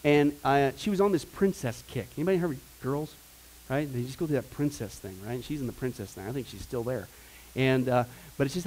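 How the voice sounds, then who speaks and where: A man teaching a Bible class in a casual, rambling way, with joking asides and bursts of loud preaching. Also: medium pitch, animated, fast, a little hiss or hum, poor audio.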